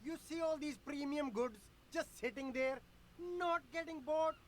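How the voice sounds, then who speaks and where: An actor voicing a pushy, smooth-talking male street seller in a video game. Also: very high-pitched, a little slow, a little hiss or hum. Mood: salesy. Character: pushy male street hustler selling clothes.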